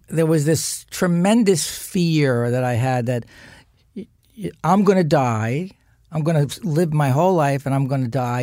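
A middle-aged man and guest actor, telling stories in a casual interview in an animated way, acting out the scenes. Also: a little high, no echo, studio quality. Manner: animated, acts out scenes, many restarts. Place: studio.

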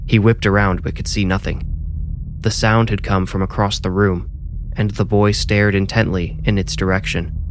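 A male storyteller reads a scripted horror tale in a low voice. His delivery is measured and deliberate. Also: a little hiss or hum.

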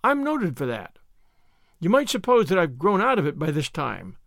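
Man voicing an eager teenage girl for a storybook reading, gushing, raised voice, lively swings. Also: fairly high pitch, moderate pace, gravelly, no room sound, studio quality, exaggerated voice. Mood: earnest, apologetic. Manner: breathless, earnest, gushing. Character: eager talkative teenage girl, impulsive and apologetic.

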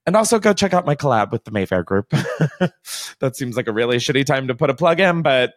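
A man hosting a podcast in casual chat, animated and profane, often laughing at himself. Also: medium pitch, brisk, dry recording, clean studio sound. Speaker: podcast host.

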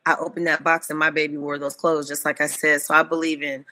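A woman in her fifties telling stories as an interview guest, animated and often laughing. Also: sits low, fast talker. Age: 50s. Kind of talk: casual interview chat.

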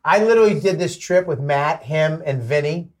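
A man's voice: fairly high pitch, normal speed. A man who is a podcast guest, telling stories in casual chat in a blunt, self-deprecating way, with some swearing.

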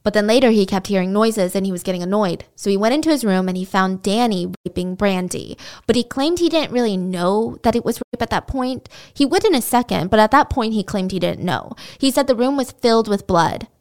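A woman's voice: mid-range voice, lively intonation, fairly quick, hardly any pauses, darkish tone. A woman host retelling a true crime case in a conversational way, with indignant asides. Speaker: podcast host.

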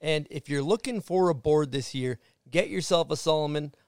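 A male podcast host with a fairly high, gravelly voice that still sounds smooth and resonant. He talks in a relaxed, chatty way, and the sound is dry and close. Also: normal speed, no echo. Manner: relaxed, conversational. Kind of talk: casual podcast interview and sponsor read.

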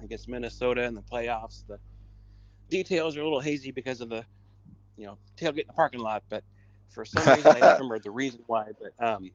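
A man's voice: medium pitch, quick pace, no echo. A man calling in to a sports talk show, reminiscing hesitantly with fillers. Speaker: caller. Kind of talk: phone-in chat. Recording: dull lo-fi audio.

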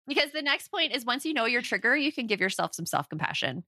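Chatty podcast mom, bright voice, dry close mic, acts out little quotes. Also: female voice, a little high, big pitch swings, quick pace, no room sound. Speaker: podcast co-host. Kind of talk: casual parenting podcast chat.

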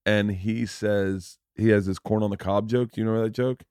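A man hosting a podcast, telling family stories in an animated, casual way, swearing freely. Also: lowish voice, a little fast, clear, resonant tone, dry recording, studio quality. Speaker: podcast host. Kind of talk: casual conversational storytelling.

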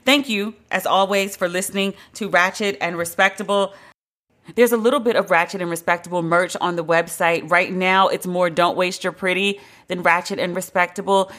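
Bright, emphatic podcast host. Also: mid-range voice, steady tone. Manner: emphatic and dramatic, slangy and profane, with drawn-out exclamations. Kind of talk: solo celebrity-news commentary.

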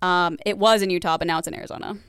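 A woman's voice: lowish voice, fairly even intonation, very fast, fairly bright tone, clean tone, dry recording, clean studio sound. Chatty young woman from the Midwest. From American Midwest. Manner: chatty, many "like" fillers, laughs often. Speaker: podcast co-host. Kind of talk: casual chat.

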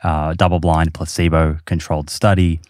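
A man's voice: rumbling low, level tone, normal speed, a little mellow, dry recording, studio quality. A man hosting a podcast, explaining research casually with many fillers. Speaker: podcast host. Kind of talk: casual chat.

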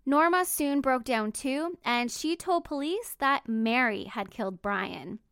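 Smooth-voiced woman narrating true crime. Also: high-pitched, animated, unhurried, fairly bright tone, no echo, clean studio sound. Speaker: podcast host.

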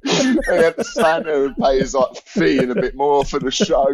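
A man's voice: medium pitch, sing-song, normal speed, a crowd in the background. A man, a comedian, telling rambling anecdotes in casual chat, laughing and restarting often. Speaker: comedian guest.

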